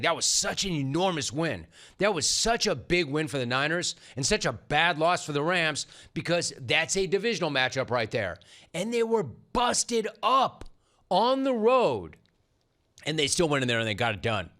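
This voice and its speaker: A man's voice: medium pitch, pushed and bright. A middle-aged man hosting a sports talk show, riffing in a sarcastic, punchy monologue. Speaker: sports radio host.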